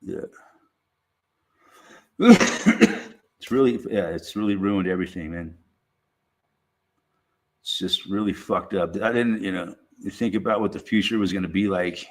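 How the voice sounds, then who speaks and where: A man with a fairly low voice talks off the cuff in a loose, rambling stream monologue. He swears freely and keeps stopping to restart his sentences. Filler phrases like "you know" and "man" run through everything he says. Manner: rambling, profane, halting restarts.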